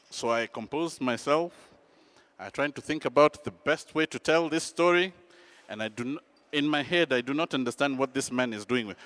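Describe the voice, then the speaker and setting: A man telling a personal story in an animated, dramatic, self-mocking way. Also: mid-range voice, normal speed, dry recording.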